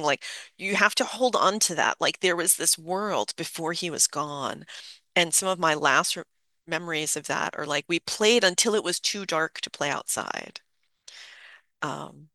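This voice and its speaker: An adult in their fifties telling a personal memory in a halting, reflective way, full of fillers and restarts. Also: mid-range voice, vocal fry, pushed and bright, no echo. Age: 50s.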